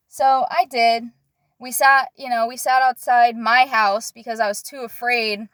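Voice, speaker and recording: A woman's voice: sits high, moderate pace, a bit bright, no room sound. Candid young woman telling her story. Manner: candid, conversational, with frequent fillers and blunt swearing. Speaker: vlogger. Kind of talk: personal storytelling to camera.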